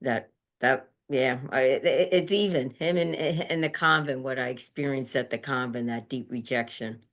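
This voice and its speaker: Low-voiced gentle woman. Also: fairly even intonation. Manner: gentle, halting, restarts often. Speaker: interview guest, end-of-life doula. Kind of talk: casual interview answers.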